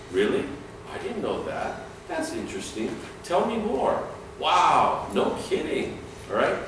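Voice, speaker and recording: Male security trainer lecturing a class, animated delivery, recorded far off in a boomy room. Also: a little hiss or hum. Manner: lively, demonstrates dialogue with acted lines. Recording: echoey room, speaker far from mic.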